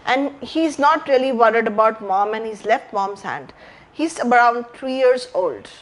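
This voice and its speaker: A woman with a high voice and an Indian English accent leads a live health talk. She tells stories, repeats key phrases and turns to the audience with questions. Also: expressive, measured pace. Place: library talk room.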